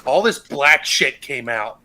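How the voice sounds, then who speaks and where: A man's voice: medium pitch, animated, slow pace, pushed and bright. A man co-hosting a casual livestream, telling a loose story full of swearing and acted-out quotes. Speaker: co-host of a chill stream.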